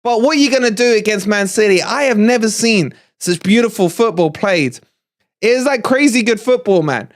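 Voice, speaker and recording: His voice sits high and his pace is normal. This middle-aged English fan-channel host reviews a match live, breathless and gleeful as he gloats and talks with his viewers.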